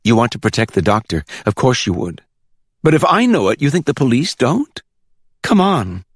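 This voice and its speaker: A man's voice: mid-range voice, big pitch swings, normal speed, husky, no echo, studio quality, pitched above the performer's own voice. A man voicing a tough woman officer who presses a suspect with coaxing questions, in a storybook reading. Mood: pressing. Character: probing, streetwise woman officer.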